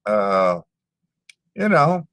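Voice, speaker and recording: A man talks slowly and bluntly to his channel's viewers, full of swearing and doubled-up words. His voice is bright and forward. The recording is dry and close. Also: on the low side, sing-song, dry recording. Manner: blunt, profane, repeats words and says "man" a lot. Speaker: channel host reading live chat. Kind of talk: casual live-stream chat.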